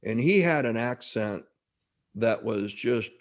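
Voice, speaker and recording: A man's voice: medium pitch, slow. A middle-aged man, an actor, telling stories in a casual interview with many restarts. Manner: rambling, frequent restarts, lively anecdotes. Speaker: actor, guest.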